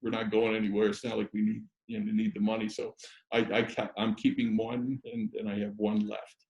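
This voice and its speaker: A man's voice: lowish voice, completely flat delivery, fairly quick, creaky, echoey room, muffled recording. A man telling stories as a guest on a chat show, rambling with many restarts and fillers. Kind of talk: casual storytelling chat.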